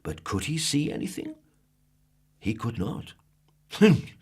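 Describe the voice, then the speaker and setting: A man's voice: mid-range voice, animated, unhurried, husky. A man reading a children's storybook aloud, asking the listener questions and drawing out words. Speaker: storybook narrator.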